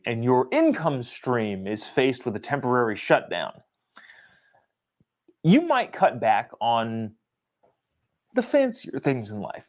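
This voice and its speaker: A man hosting a political commentary show, talking in an opinionated, sarcastic way. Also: mid-range voice. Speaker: host.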